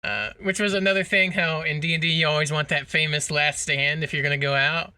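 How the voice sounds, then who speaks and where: A man's voice: a little high, brisk, smooth, dry recording. A man co-hosting a podcast in casual chat, swearing freely and laughing as he recounts scenes. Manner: profane, laughing, animated storytelling. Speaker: podcast co-host.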